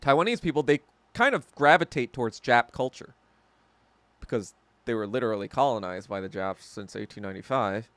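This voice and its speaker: Brisk and lively in intonation, this man's mid-range voice is a bit bright on a dry recording. Hosting a podcast, he launches into a casual, profane, heated ranting monologue that rambles, with frequent self-corrections.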